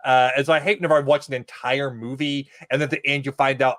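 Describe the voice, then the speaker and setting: A man's voice: mid-range voice, fast, dry recording, studio quality. Opinionated man, podcast guest. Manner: opinionated, animated when quoting characters. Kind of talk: casual chat discussing a TV episode.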